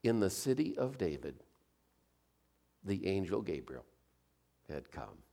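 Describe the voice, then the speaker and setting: A man narrating a story aloud, expressive and swinging from soft to emphatic. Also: low-pitched, slow pace, creaky.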